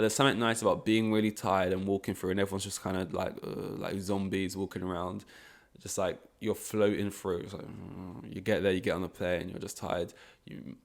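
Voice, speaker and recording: Young guy, low voice, rambling casual podcast talk, restarts a lot. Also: gravelly. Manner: rambling, self-correcting, frustrated asides. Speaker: podcast host. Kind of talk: casual solo podcast chat.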